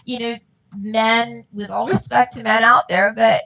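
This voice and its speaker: A woman speaks as a guest about raising her children. Her voice sits a little high and has a gravelly edge. She talks earnestly and from the heart, and she voices the other people in her story as she tells it. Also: steady tone, a little slow, bright, forceful tone, low-quality recording. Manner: earnest, heartfelt, acts out quoted dialogue. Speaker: guest, mother of a dyslexic child. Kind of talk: emotional personal storytelling.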